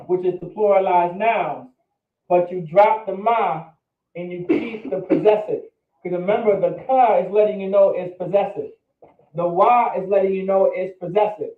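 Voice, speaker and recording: Male Hebrew teacher, high voice, far from the mic, thin phone-like sound, patient and repetitive. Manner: patient, checks understanding with repeated questions. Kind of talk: classroom teaching. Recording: roomy, distant, phone-like lo-fi.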